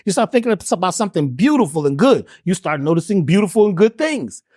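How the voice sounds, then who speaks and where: Animated, preacherly man with a husky voice. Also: high-pitched, fast talker, no echo, clean studio sound. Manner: emphatic and preacherly, with rhetorical questions and slang. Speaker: guest, spiritual healer and herbalist. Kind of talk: conversational teaching in an interview.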